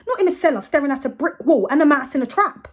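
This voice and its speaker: Woman doing a dry grumpy young narrator, low-ish husky voice, solo stage piece. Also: fairly even intonation, brisk, a little mellow. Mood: wry. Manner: dry, sardonic storytelling. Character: wry, grumbling young narrator recounting family life. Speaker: stage actor.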